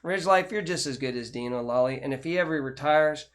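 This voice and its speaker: A man's voice: medium pitch, a little fast, a little hiss or hum. An older man, hosting a casual chat show and talking in a rambling, chatty way with frequent restarts. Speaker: host.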